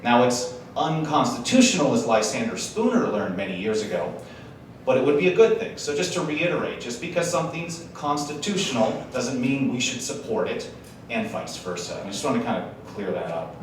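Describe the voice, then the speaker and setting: A man's voice: medium pitch, expressive, moderate pace, noisy background. A man from Wisconsin giving a casual, joking speech to a live conference audience, chatty and full of slangy asides. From Wisconsin, USA. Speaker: conference speaker. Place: large conference hall. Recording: echoey hall, mic heard from a distance.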